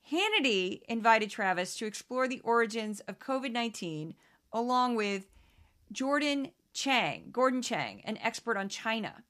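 In a high-ish, fairly bright voice, a woman hosts a podcast where she casually discusses news clips. She's from St. Louis with a Southern-Midwestern accent, and her style is candid and chatty, full of laughs and self-aware asides.

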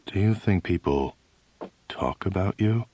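A man reading the lines of a smiling male army psychiatrist who asks questions in a cheerful, then low and serious tone. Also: huge pitch swings, moderate pace, mellow, no room sound. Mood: probing.

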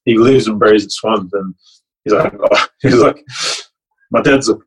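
A man's voice: lowish voice, unhurried, husky, poor audio. A young man, a rugby league player and coach, telling a heartfelt, rambling story in casual chat. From Fiji. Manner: rambling and heartfelt, many restarts and "like".

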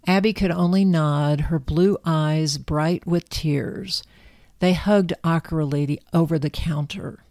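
Woman, storybook narrator, low pitch, calm, gentle, dry sound. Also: takes it slowly, dry recording.

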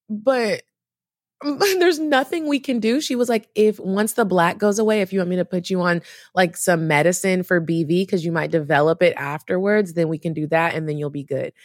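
A woman with a fairly low voice tells a story as a podcast guest. She is animated and profane and acts out the voices of the people in her tale. The recording is dry and close. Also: no echo. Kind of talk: casual storytelling chat.

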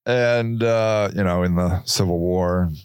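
A man's voice: slow pace, a little mellow, clear, resonant tone, no room sound, studio quality. A man hosting a podcast in a casual, rambling monologue, joking and swearing as he goes. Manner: rambling, profane, jokey, with sudden pitch jumps. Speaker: podcast host.

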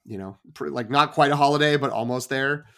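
A man's voice: mid-range voice, a little fast, creaky, bright, forceful tone. A man with a mid-range voice co-hosts a casual film podcast. He rambles, stumbles over repeated words and drops wry jokes. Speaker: podcast co-host.

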